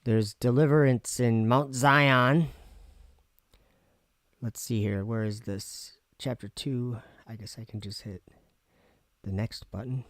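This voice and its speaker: A man casually reading scripture aloud and musing on it for his viewers, pausing and restarting as he goes. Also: mid-range voice, fairly even intonation, dry recording, clean studio sound. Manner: reads aloud with pauses and restarts. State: talking with candy in his mouth. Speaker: video host.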